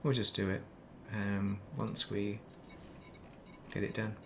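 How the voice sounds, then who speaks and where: A man's voice: on the low side, monotone, slow pace, creaky, background noise. A British man streaming a game, giving casual commentary and muttering and swearing at it as he plays.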